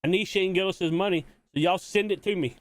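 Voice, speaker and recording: A man's voice: sits high, brisk, no echo. A man from Mississippi, chatting casually to viewers while hosting a live-stream watch party, rambling and repeating himself.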